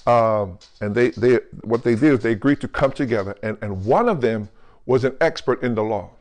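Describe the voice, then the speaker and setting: A male pastor in the middle of a sermon, speaking at an ordinary mid-range pitch. He keeps checking in with the congregation through quick asides and throws in jokes. When he quotes scripture he slows right down and leans on each key word. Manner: calls out to the congregation with questions like "right?" and "come on"; lively, jokey preaching.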